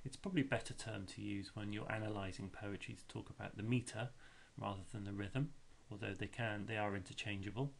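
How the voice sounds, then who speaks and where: A man's voice: lowish voice, fairly even intonation, brisk, gravelly, few pauses, a little hiss or hum. A male teacher explaining a lesson step by step, chanting rhythms aloud to show the beat.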